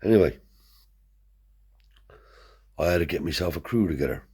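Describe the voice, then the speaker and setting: A deep, husky man spins a long, rambling yarn full of swearing. His voice is low and warm, and it jumps higher whenever he acts out what someone else said. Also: animated, normal speed. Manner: rambling, profane, lifts his voice to act out quoted people. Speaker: storyteller. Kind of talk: casual anecdote telling.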